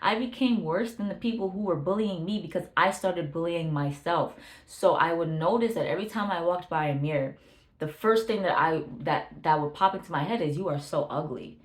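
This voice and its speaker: A woman's voice: fairly low pitch, fairly quick, roomy sound. A young woman giving earnest, emphatic self-esteem advice in a casual talk to camera, repeating phrases for stress.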